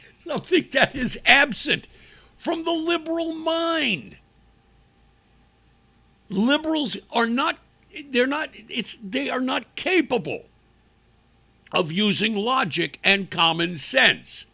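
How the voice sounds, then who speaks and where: A male radio talk host delivering an opinionated monologue. His voice is bright and gravelly, with a husky edge. He talks in a sarcastic, mocking way. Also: very high-pitched, lively intonation, takes it slowly, long pauses. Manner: sarcastic, mocking, acts out people in put-on voices. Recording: live radio broadcast stream.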